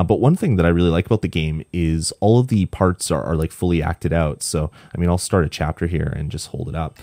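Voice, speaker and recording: Young male podcast co-host, deep voice, rambling and weary, dry close sound. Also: darkish tone, dry recording. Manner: rambling, many ums and restarts. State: tired, punch-drunk late at night. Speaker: podcast co-host reviewing a game. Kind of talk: casual podcast chat.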